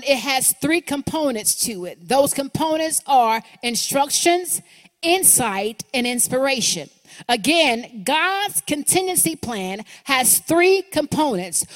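High-voiced woman preaching in a reverberant hall. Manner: rhythmic repetition, rising and dropping emphasis. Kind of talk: sermon.

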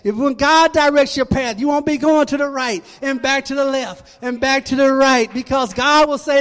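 A man, a church elder, preaching a sermon with fervent, dramatic swings in loudness. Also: very high voice, fairly even intonation, moderate pace, few pauses. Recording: long reverb of a large hall.

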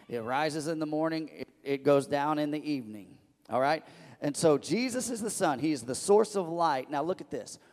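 A male pastor preaching a lively sermon, slowing down to read scripture and leading the congregation in call-and-response. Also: medium pitch, big-room sound.

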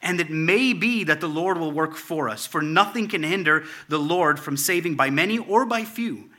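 A man preaching a sermon, with a very bright, ringing voice pitched a little high. He talks in a loose, conversational way, full of fillers and restarts, and he builds to a fervent, raised delivery as he retells the story. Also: lively intonation, normal speed. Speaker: pastor.

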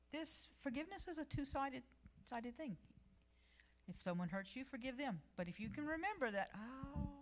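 A middle-aged woman delivers a sermon in a voice of middling pitch. She tells her own stories in a conversational way and grows louder and more emphatic when she reads scripture. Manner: personal stories, lively and emphatic, rising loud when reading scripture. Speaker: preacher.

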